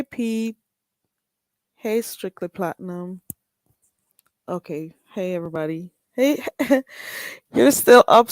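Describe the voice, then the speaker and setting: A woman's voice: on the low side, darkish tone, dry recording, poor audio. Sassy Jamaican woman chatting on a livestream. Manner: chatty, greets viewers, blunt and sassy. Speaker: livestream host. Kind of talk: casual livestream chat.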